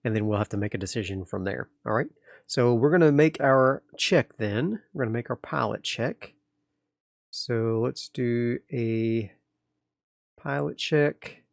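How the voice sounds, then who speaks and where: A man's voice: mid-range voice, creaky, dry recording, clean studio sound. A man narrating his own solo tabletop game in a casual, loose way with fillers. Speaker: solo game master and player.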